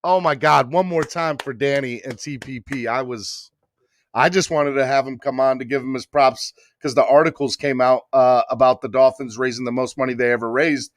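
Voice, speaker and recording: A man hosting a casual live sports podcast, excitable and emotional, talking with many fillers and restarts. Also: mid-range voice, normal speed, no room sound, clean studio sound. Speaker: podcast host. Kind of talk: casual live-stream chat.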